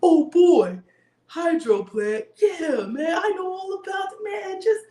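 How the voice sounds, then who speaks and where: A woman putting on an excitable male plant expert with a playful Australian accent. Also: extremely high pitch, slow, roomy sound, voice pushed up, heavily acted. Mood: excited. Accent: Australian, put on. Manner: loud, whooping, laughing.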